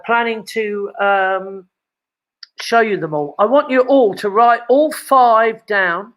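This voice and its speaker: A man's voice: high voice, a bit bright, poor audio. An older man, hosting a live show from his home and chatting at length, rambling with many fillers and restarts. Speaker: host. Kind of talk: casual live chat from home.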